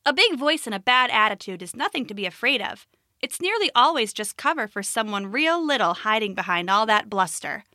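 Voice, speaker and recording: A woman voicing a calm, wily male frog in a storybook, talking in an unhurried, knowing way. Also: fairly high pitch, no echo, studio quality.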